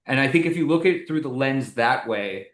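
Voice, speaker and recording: A man speaking as a guest in an interview, an animated and emphatic storyteller. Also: medium pitch, fairly quick, echoey room. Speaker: guest, community advocate. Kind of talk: conversational interview.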